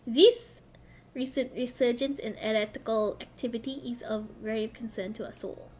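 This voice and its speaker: A woman's voice: high-pitched, expressive, normal speed, slight background noise. A woman reading as a courtly knight lord. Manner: courtly, effusive, old-fashioned. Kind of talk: reading game dialogue aloud.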